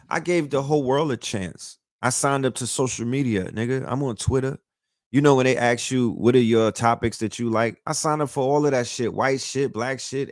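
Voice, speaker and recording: A man's voice: mid-range voice, gravelly, no echo, studio quality. A man hosting a show, ranting in a loose, profane, emphatic monologue that is full of restarts. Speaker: podcast host. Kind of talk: casual monologue.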